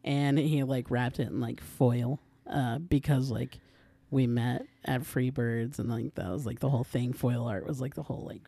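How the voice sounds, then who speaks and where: A man's voice: mid-range voice, fairly even intonation, normal speed, vocal fry, mellow, dry recording. A man chatting casually as a podcast guest, rambling with lots of filler words. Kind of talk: casual chat.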